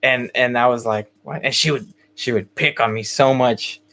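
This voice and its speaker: A man's voice: medium pitch, steady tone, normal speed, fairly bright tone. A young man hosting a podcast, telling a story in casual chat with many fillers and restarts. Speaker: podcast host.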